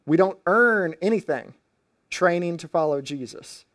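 A man's voice: fairly high pitch, animated, a little slow, a bit bright, no echo, clean studio sound. A man preaching a sermon as pastor, retelling stories in casual everyday phrasing with frequent restarts.

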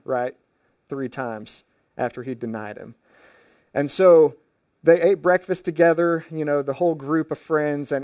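A man's voice: fairly high pitch, no room sound, clean studio sound. A man preaching a sermon as pastor, retelling stories in casual everyday phrasing with frequent restarts.

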